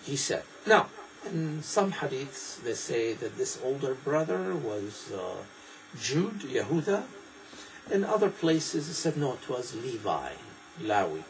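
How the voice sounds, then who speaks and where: A man preaching a sermon, explaining scripture in a digressive, lively way and reciting in quick bursts. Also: mid-range voice, a little hiss or hum, poor audio.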